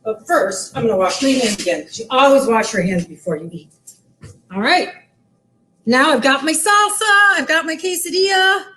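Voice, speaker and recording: A woman's voice: high voice, animated, normal speed, bright, forceful tone, soft background music. A woman librarian showing children how to cook, talking cheerfully in a sing-song way. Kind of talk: cooking demo for kids. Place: library lounge.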